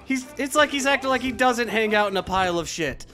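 Excitable high-voiced man streaming a game. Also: a little fast, soft background music. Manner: excitable, laughing often, swings between loud shouts and low mutters. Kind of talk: live gameplay commentary.

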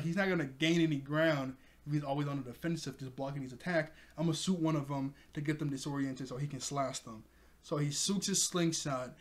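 A man casually recapping an anime episode, retelling character lines with lots of fillers. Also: fairly high pitch. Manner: animated retelling with quoted character lines and laughs. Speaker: anime reviewer.

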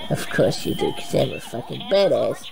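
A woman giving foul-mouthed, excitable gameplay commentary, swearing and shouting at the characters on screen. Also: a bass voice, normal speed, gravelly, crowd noise. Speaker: gaming channel host. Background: game music.

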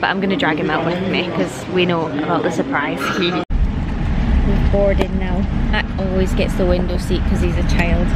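A young woman, chatting excitedly to a handheld camera in a casual vlog and laughing often. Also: lowish voice, slow, long pauses, heavy background noise. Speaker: vlogger.

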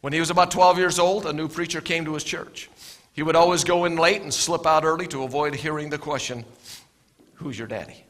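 Bright-voiced man preaching earnestly. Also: on the high side, fairly even intonation, brisk. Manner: earnest, with repeated words and soft asides. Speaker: pastor. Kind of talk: sermon with storytelling.

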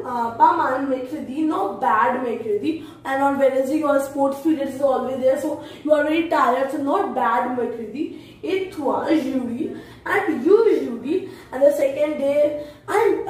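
A woman teaching French in a casual spoken lesson, slowly saying each word and repeating it for pronunciation. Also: sits high, a little mellow. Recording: roomy echo from far off, faint noise.

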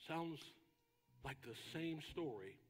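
A man preaching a sermon as pastor, with dramatic pauses and bursts of shouting. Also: a little high, animated, big-room sound. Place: church sanctuary.

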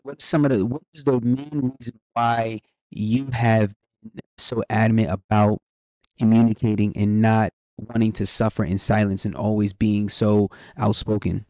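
A man's voice: lowish voice, little pitch movement, normal speed, a little mellow, no echo. A man co-hosting a podcast with his wife, talking in a casual, slangy, rambling way with lots of fillers. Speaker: podcast co-host.

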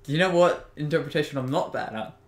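A teenage boy co-hosting a casual podcast chat, animated and quick to joke. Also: on the high side, crowd noise. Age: teens. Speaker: podcast co-host. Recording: echoey room with audible noise.

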